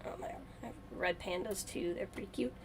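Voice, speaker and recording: A woman's voice: medium pitch, fairly quick, background noise. A woman streamer chatting casually and thinking aloud as she plays a game on a live stream.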